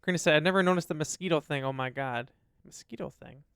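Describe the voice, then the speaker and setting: A man's voice: fairly high pitch, quick pace, a bit bright, smooth, no echo, clean studio sound. A man co-hosting a casual podcast, reading listener comments aloud and chatting about them. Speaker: podcast co-host. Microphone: studio dynamic mic.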